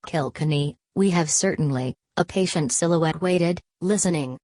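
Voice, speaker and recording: Low-voiced woman reading an audiobook. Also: normal speed, few pauses, dark tone, dry recording. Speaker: audiobook narrator. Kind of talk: literary audiobook narration.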